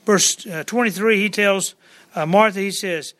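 A man's voice: high-pitched, normal speed, sharp tone. A man preaching a plainspoken, conversational verse-by-verse sermon to a church congregation, retelling scripture in everyday words.

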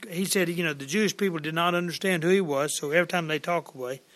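A man preaching to his congregation in a high, bright voice, working through scripture verse by verse. He talks plainly and conversationally, retelling the old words in everyday speech. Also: quick pace. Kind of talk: folksy verse-by-verse sermon. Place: church service with congregation.

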